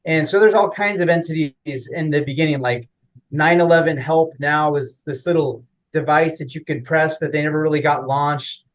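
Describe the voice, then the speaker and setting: A man's voice: on the high side, fairly even intonation, normal speed, highs cut off. A man as an interview guest, explaining at length in a rambling casual way with frequent fillers and restarts.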